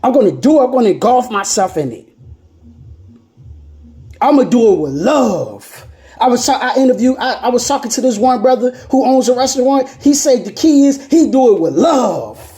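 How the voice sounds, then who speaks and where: A woman's voice: fairly high pitch, big pitch swings, moderate pace, mellow. A woman preaching an emphatic, repetitive motivational sermon with casual slang, rising to impassioned peaks.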